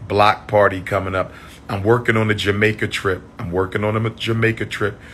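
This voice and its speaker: A man chatting on a livestream, losing his voice, repeating shout-outs to his viewers. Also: fairly low pitch, flat delivery, brisk, a little hiss or hum. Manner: repetitive, call-and-response shout-outs to viewers. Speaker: livestream host. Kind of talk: casual livestream chat.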